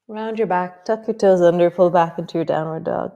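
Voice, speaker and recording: A woman teaching a yoga class, giving calm, slow movement cues with soft trailing words. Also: lowish voice, highs cut off. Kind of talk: guided yoga class instruction.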